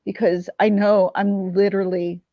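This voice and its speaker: A woman's voice: mid-range voice, level tone, normal speed, no echo, muffled recording. A woman in her forties talking candidly to camera, teary at times and swearing freely. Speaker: vlogger. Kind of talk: emotional confessional talk to camera.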